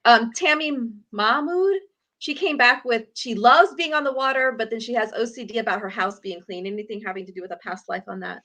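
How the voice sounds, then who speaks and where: Enthusiastic woman host, slightly high voice, reads audience questions. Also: a little fast, pushed and bright. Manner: upbeat, enthusiastic reactions. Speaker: host reading viewer questions. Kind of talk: livestream chat.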